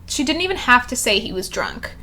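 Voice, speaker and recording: A woman co-hosting a casual book podcast, excitable and quick to laugh, swearing freely as she gushes about what she read. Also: fairly high pitch, a little hiss or hum. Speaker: podcast co-host. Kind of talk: casual book-club chat.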